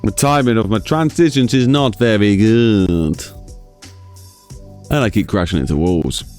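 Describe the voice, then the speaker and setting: A man's voice: lowish voice, a little slow, a little mellow, soft background music. A man casually commentating over his own driving game, chatty and self-mocking, talking straight to his viewers. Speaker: gaming channel host. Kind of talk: let's-play commentary.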